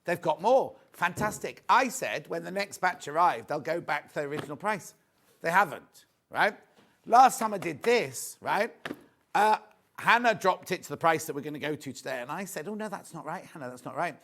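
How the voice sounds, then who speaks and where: A man's voice: on the high side, lively intonation, normal speed, gravelly, fairly bright tone. A man presenting live home shopping, chatty and rambling, poking fun at himself. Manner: chatty, rambling, self-mocking.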